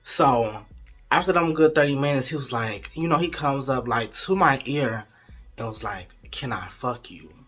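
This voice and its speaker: A man's voice: mid-range voice, animated, moderate pace, fairly bright tone, faint music behind. A young man in casual storytime mode, chatty and candid, talking straight to his viewers. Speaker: vlogger.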